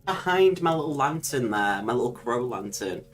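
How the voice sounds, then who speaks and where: A woman's voice: a bass voice, animated, normal speed, soft background music. A woman hosting a casual livestream, chatting freely, laughing often and swearing casually. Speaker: livestream host.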